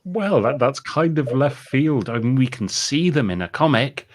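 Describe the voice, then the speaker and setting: A man from the West Country of England talks as a writer guest in an interview. His voice sits at an average pitch, and he drifts through dry, digressive asides. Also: expressive, moderate pace. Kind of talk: casual interview chat.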